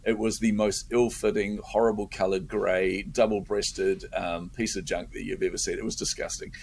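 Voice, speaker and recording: A middle-aged man with a low, gravelly voice spins an animated story as a guest in a conversation. He acts out his own inner voice along the way. A faint hiss sits behind him. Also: normal speed.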